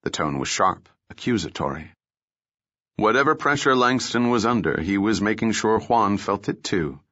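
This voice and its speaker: A man narrating a thriller novel in a steady, measured storytelling voice, recorded close to the mic. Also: on the low side, dry recording, highs cut off. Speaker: audiobook narrator.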